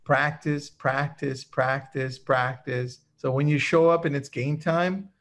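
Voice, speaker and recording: A man's voice: medium pitch, fairly even intonation, slow pace, a bit bright. A man co-hosting a webinar in casual chat, upbeat and enthusiastic as he tells stories. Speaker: webinar co-host.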